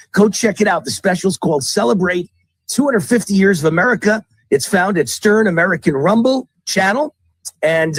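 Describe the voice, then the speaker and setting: A man's voice: fairly high pitch, slightly rough, no room sound. A man answering a list of interview questions as a guest commentator, emphatic and repeating his points.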